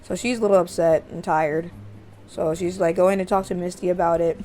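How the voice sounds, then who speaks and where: A woman's voice: lowish voice, fairly even intonation, fairly quick, mellow, soft background music. A woman narrating her life-sim gameplay in a casual, chatty, amused way. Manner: chatty, amused, voices characters. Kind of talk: casual let's-play narration.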